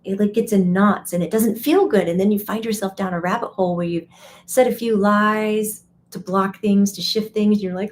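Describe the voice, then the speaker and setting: A woman hosting a casual live stream, chatty and animated, breaking into quoted voices and laughing often. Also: medium pitch, brisk, a little hiss or hum. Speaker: medium and teacher. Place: home or studio, live stream.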